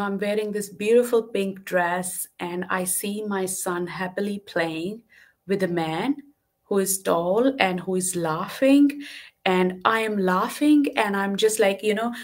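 Earnest woman telling her story on a call. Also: medium pitch. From lives in Western Australia. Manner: earnest and candid, many fillers. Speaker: guest. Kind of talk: personal story in a live online talk.

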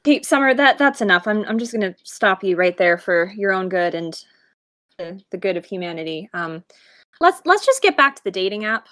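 A woman's voice: medium pitch, sing-song, a little fast, pushed and bright. A woman as an exasperated, scolding young woman.

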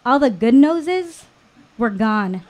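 A woman in her thirties telling a personal story live on stage at a small venue, slow and deliberate with dramatic pauses. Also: fairly high pitch, expressive, darkish tone. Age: 30s.

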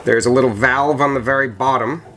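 A man's voice: mid-range voice, brisk. Chatty man demonstrating home winemaking. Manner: relaxed, chatty explaining with occasional fillers. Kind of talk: casual how-to demonstration. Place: indoors at home.

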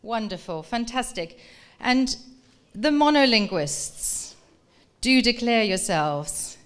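A woman's voice: a little high, lively intonation, slow, smooth. A middle-aged woman professor giving a public talk in a museum room, reading aloud and then polling the audience with questions in an engaging, articulate way.

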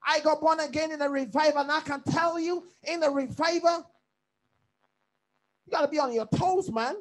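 A man's voice: very high-pitched, moderate pace, poor audio. A man from Africa, a pastor leading a bible study, preaching emphatically with repeated phrases and questions to his listeners.

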